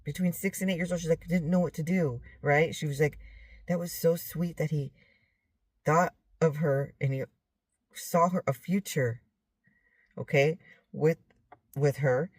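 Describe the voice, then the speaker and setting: A woman's voice: low voice, fairly even intonation, measured pace, long pauses, husky, no room sound. A woman teaching from scripture and retelling a dream in a rambling way, often checking in with "okay?" and correcting herself. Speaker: Bible teacher.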